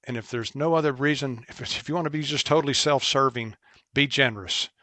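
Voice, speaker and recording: Man, average pitch, earnest, measured, dry close mic. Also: sharp tone, no room sound. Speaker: guest, business owner. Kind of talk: casual conversation.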